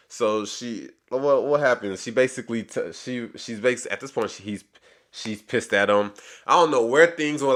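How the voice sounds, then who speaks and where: A man's voice: fairly low pitch, fairly bright tone. A man casually recapping a reality show episode, rambling, restarting sentences and acting out the dialogue as he goes. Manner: rambling retelling with many restarts and quoted dialogue.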